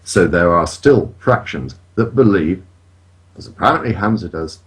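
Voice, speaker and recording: Indignant man, low-pitched. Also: expressive, moderate pace, fairly bright tone. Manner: indignant, swearing, emphatic. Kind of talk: casual chat.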